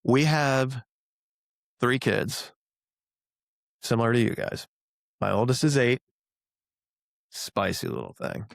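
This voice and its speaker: Guy hosting a podcast, jokey animated storytelling, mid pitch, dry close sound. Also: slow, gravelly, long pauses, no room sound. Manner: animated storyteller, playful exaggeration. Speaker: podcast host. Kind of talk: casual chat.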